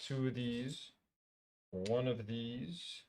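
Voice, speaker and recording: A man's voice: mid-range voice, drawn-out words, darkish tone. A man streaming a LEGO build, chatting casually, muttering piece counts to himself and swearing now and then. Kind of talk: casual live-stream chat.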